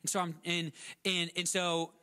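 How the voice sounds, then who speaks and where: High-voiced pastor preaching casually. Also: male voice, flat delivery, normal speed, pushed and bright, clean tone. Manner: conversational, many restarts and repeated words; acts out quotes with sudden shifts in pitch. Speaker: guest pastor. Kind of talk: sermon.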